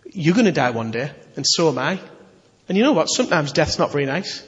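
A male preacher gives a lively, chatty sermon in a fairly high voice. His words ring out in a long hall reverb, with a slightly dull, muffled tone. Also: brisk. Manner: animated, conversational, emphatic.

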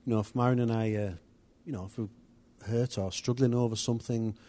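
A man leads a church group in a loose, conversational teaching style. His voice is mellow and warm, and he rambles with asides and restarts as he gives instructions. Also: mid-range voice, fairly even intonation, a little fast. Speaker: church leader.

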